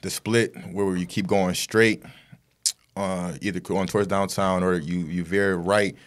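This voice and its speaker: A man's voice: low voice, steady tone, measured pace. A man talking as a guest, telling a story in a rambling casual way with lots of fillers and tag questions.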